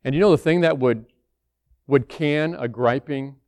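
A man's voice: medium pitch, normal speed, a little mellow, dry recording. Conversational preacher man, dry sound. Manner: conversational preaching, acts out worried church members. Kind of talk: sermon.

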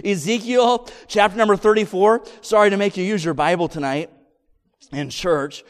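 High-voiced man preaching in a reverberant church. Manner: preaching with rising emphasis, reading scripture slowly. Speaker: pastor. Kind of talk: sermon. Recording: long reverb of a church hall.

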